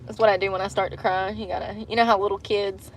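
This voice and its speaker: A woman's voice: medium pitch, little pitch movement, fast talker, slight background noise. A woman, livestreaming casual chat from a parked car, rambling and candid and laughing often. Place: parked car in a parking lot.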